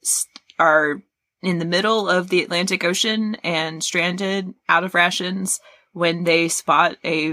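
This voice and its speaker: A woman's voice: fairly low pitch, bright, forceful tone, no echo. A woman co-hosting a film podcast, chatting casually, laughing often and joking. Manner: laughs often, quick and jokey. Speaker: podcast co-host. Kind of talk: casual podcast chat about a horror film.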